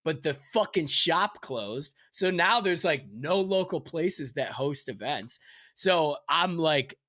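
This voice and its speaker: Casual podcast co-host, young adult male, bright edge, dry sound, laughs and curses. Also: on the high side, lively intonation, slow, dry recording. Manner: loose, laughing, swears a lot. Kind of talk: casual chat.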